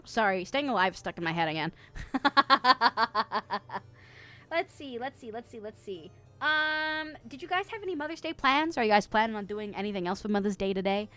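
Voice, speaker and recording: A woman's voice: a little high, animated, normal speed, sharp tone, faint music behind. A young woman streamer, chatting casually and reading out viewer messages, laughing often and trailing off with fillers.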